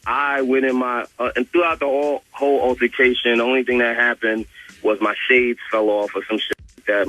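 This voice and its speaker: Young male radio guest, casual storyteller, average pitch, loose and profane, lots of "like". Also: highs cut off. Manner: animated, profane, full of "like" and repeats. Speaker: guest calling in to a radio show.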